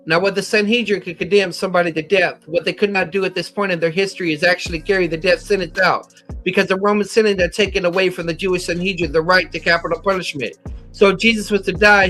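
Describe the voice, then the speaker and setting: A man's voice: sits high, pushed and bright. An American man teaching a methodical Bible lesson, citing chapter and verse with occasional slips. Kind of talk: scripture lesson.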